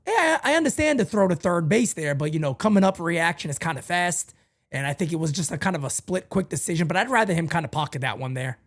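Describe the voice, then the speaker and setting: A male host of a fan show, emotional and ranting, swinging from low muttering to shouting. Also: animated, fast talker.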